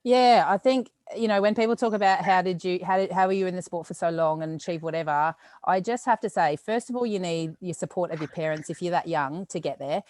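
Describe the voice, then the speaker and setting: Fast-talking low-voiced Australian woman. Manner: rapid, animated storytelling with acted quotes. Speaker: podcast guest, weightlifter. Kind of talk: casual storytelling chat.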